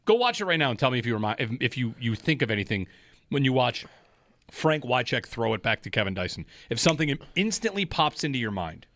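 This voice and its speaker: A man hosting sports talk radio in a jokey, animated way, talking into a studio microphone. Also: mid-range voice, no echo. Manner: animated, jokey, quick to laugh.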